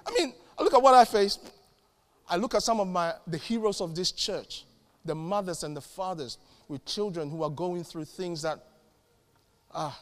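A man pastor preaching a sermon in a church, fervent, with sudden loud peaks and quiet asides. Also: high-pitched, normal speed, long reverb tail.

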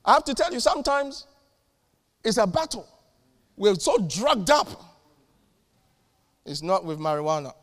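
A man pastor preaching a sermon in a church, fervent, with sudden loud peaks and quiet asides. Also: sits high, big pitch swings, a little slow, pauses often, big-room sound.

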